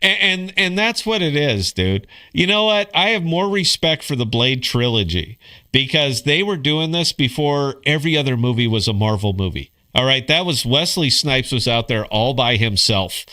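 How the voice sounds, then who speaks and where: A man's voice: mid-range voice, very animated, moderate pace, sharp tone. A middle-aged man hosting a casual livestream podcast, laid-back and swearing, calling people bro and dude. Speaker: podcast host.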